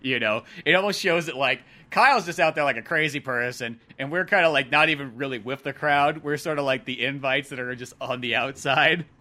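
Young guy, casual rambling podcast host, bright tense tone. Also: mid-range voice, a little fast, few pauses. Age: young adult. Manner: rambling and laughing, full of "like". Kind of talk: casual chat.

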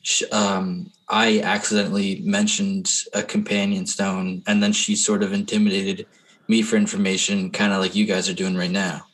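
A man's voice: low-pitched, level tone, moderate pace, fairly bright tone. A man voicing a nervous young tavern keeper in a tabletop game, talking hesitantly and evasively with many fillers.

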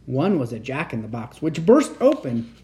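A man reading a children's picture book aloud as a bedtime storyteller, expressive and animated. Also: medium pitch, moderate pace, a little hiss or hum.

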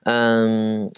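A man's voice: fairly low pitch, vocal fry, clean tone, no room sound. A teenage boy hosting a casual solo podcast, rambling with lots of "like" and "um", his voice cracking through a cough. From Seattle area. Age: teens. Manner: rambling, full of "like" and "um". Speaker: podcast host.

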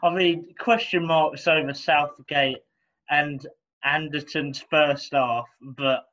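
A man's voice: a little high, fairly even intonation, slow, fairly bright tone. A young English man co-hosting a football podcast over a laptop call, hesitant and stumbling, laughing at himself. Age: young adult. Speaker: podcast co-host. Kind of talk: casual football podcast chat. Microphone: laptop on a video call. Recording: dull laptop call audio.

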